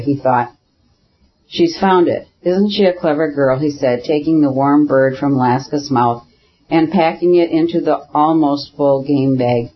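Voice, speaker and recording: A man's voice: a little high, breathy edge, lo-fi sound. Man reading a classic novel aloud. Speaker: audiobook narrator. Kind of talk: scripted narration of a classic novel.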